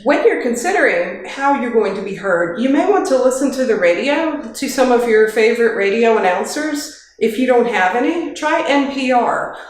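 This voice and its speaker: A woman's voice: on the high side, a little hiss or hum. A woman giving an informal workplace training talk in a kitchen, chatty and practical, with light joking asides, speaking into a handheld microphone. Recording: very echoey kitchen.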